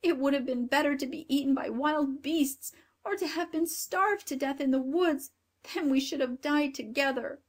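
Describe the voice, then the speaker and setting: A woman's voice: high-pitched, moderate pace, voice pushed up, lightly acted. A woman voicing a young girl in a storybook reading, pleading and crying out in a raised voice. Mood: despairing. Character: frightened young girl, tearful then joyful.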